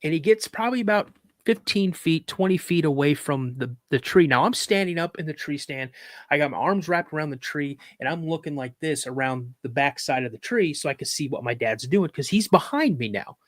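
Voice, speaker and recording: Animated storytelling man. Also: a little high, a little fast, no room sound, studio quality. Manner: animated, vivid retelling with acted quotes; rambling with restarts. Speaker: podcast guest. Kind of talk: casual storytelling.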